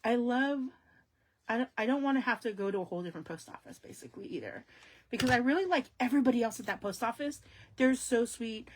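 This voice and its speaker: A woman hosting a casual crafting live stream, talking straight to her viewers with sudden loud exclamations and hushed asides. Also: fairly high pitch, fast, slight background noise.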